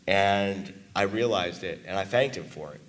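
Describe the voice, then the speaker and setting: A man's voice: deep voice, moderate pace. A man giving an earnest, emotional testimonial to a live audience, his voice worn from talking a lot. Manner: earnest and emotional, with emphatic asides. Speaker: business owner giving a testimonial.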